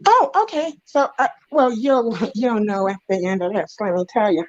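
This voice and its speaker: A woman's voice: mid-range voice, lively intonation, moderate pace, no room sound, lo-fi sound. A young woman on a live stream, rambling in a giggly, worked-up rant. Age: young adult. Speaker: stream guest.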